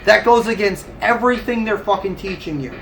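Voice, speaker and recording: High-voiced man ranting on a livestream. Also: fairly quick, noisy background. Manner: profane, ranting, laughs often. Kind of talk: casual live-stream chat.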